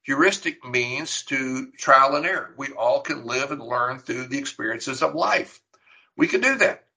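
A man's voice: medium pitch, lively intonation, unhurried, vocal fry, sharp tone, rough recording. A middle-aged man preaching a sermon, teaching earnestly and emphatically, with rhetorical questions. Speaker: pastor.

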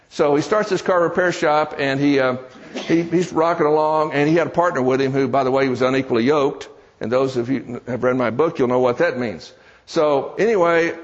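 Man, preacher, folksy storytelling sermon, slightly high voice, long hall reverb. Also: lo-fi sound. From American South. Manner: folksy, conversational, joking asides to the congregation. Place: church.

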